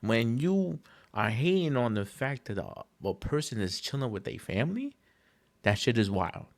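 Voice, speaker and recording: A man hosting a podcast in a casual solo monologue, with an emphatic, slangy, profane rant that jumps up in pitch when he gets exasperated. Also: sing-song, normal speed. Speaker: podcast host.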